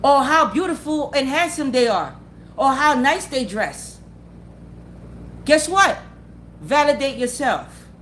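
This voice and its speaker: A woman's voice: sits high, very animated, takes it slowly, long pauses, fairly bright tone, slight background noise. Blunt, profane woman ranting with emphasis. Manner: blunt, profane, emphatic, repeats her points; asks the listener for agreement again and again. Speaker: motivational vlogger. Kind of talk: unscripted motivational rant.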